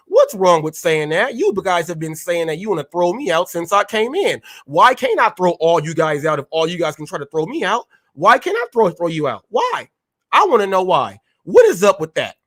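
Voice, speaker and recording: Heated and confrontational, this Californian live-stream host rants in slangy street language. He talks at a moderate pace in a sing-song, high-sitting voice that sounds pushed and bright.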